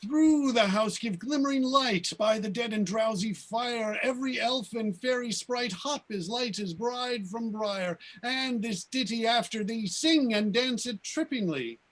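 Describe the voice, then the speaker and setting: A man's voice: extremely high pitch, measured pace, hardly any pauses. A man reading a stately ruler and the fairy king in a Shakespeare reading over a video call, declaiming the verse. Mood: commanding. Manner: declaiming verse, then chatty thanks. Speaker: organizer of the reading and actor.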